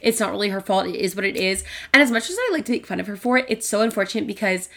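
A woman's voice: medium pitch, gravelly, a bit bright. A young woman co-hosting a podcast, chatty and teasing, a little tipsy. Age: young adult. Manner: chatty, teasing, fast-talking. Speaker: podcast co-host. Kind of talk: casual podcast chat.

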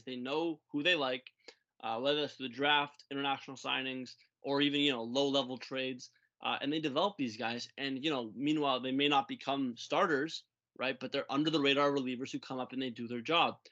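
A man with a mid-pitched voice co-hosts a sports podcast in casual, hesitant talk full of small restarts. His audio sounds dull and lo-fi, as if the highs were cut off. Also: a bit bright. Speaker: podcast co-host.

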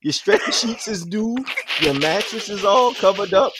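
A man's voice: sits high, lively intonation, normal speed, heavy background noise, voice pushed up. A man voicing a middle-aged mother with a New Orleans Creole accent and a sweet, sing-song drawl. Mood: sweetly probing.

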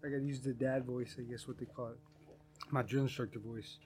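A man's voice: medium pitch, fairly even intonation, fairly quick, over music. A man co-hosting a podcast in casual chat, laid-back and swearing freely as he tells stories. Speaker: podcast co-host.

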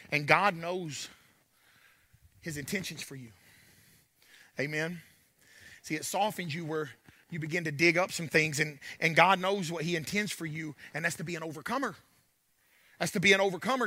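Male pastor, high ringing voice, dry close sound, dynamic call-and-response delivery. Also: no room sound. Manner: swings from soft murmurs to shouted peaks, call-and-response. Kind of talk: sermon.

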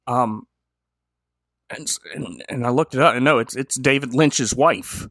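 A man co-hosting a podcast, recapping a short film in casual comedic chat with deadpan delivery and lots of giggling. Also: medium pitch, a little slow, pauses often, no echo, clean studio sound. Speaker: podcast co-host.

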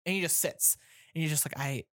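A podcast co-host chatting casually about a film, relaxed and quick to agree, retelling scenes. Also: medium pitch, no room sound, clean studio sound. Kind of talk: casual film review chat.

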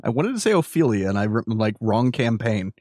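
A man's voice: lowish voice, very animated, brisk, darkish tone, dry recording, studio quality. A man playing a tabletop game, chatting casually and laughing often. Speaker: player.

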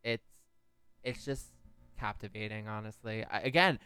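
A man's voice: on the low side, normal speed, pushed and bright, smooth. A young man co-hosting a podcast, chatting casually with wry jokes. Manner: wry, joking. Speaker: podcast co-host. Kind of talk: casual chat.

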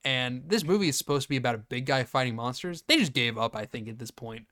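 A man hosting a podcast, retelling a movie scene by scene in a casual, profane and animated way. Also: medium pitch, fast. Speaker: podcast host. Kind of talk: casual movie review chat.

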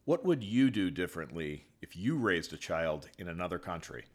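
A man reads interview questions aloud in a plain, direct way. His voice is very deep, and his pitch moves a lot. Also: sing-song, normal speed.

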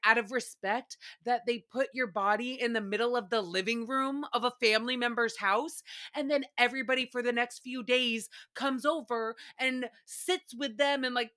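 A woman hosting a solo recap podcast, her voice bright and fairly high. She rambles in a chatty, animated way and swears freely. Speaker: podcast host.

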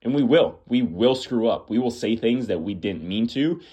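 A man's voice: medium pitch, expressive, moderate pace, dark tone, slightly rough. A man hosting a podcast, preaching earnestly to the listener with emphatic, repeating phrases. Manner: earnest, addresses listener as "my friend". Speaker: podcast host. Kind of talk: preaching monologue.

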